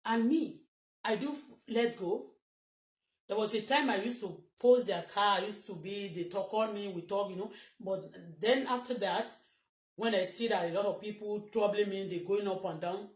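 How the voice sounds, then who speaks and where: Nigerian woman live-streaming from an echoey room, higher voice, rambling and agitated. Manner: rambling, repetitive, agitated, switching into Yoruba at times. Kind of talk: emotional live-stream monologue. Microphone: phone.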